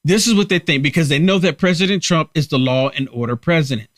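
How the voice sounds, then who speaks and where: A man's voice: a little high, fast, a bit bright, no echo, clean studio sound. A man hosting a live political commentary stream, talking emphatically and repeating himself to rally viewers. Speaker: host of a political livestream.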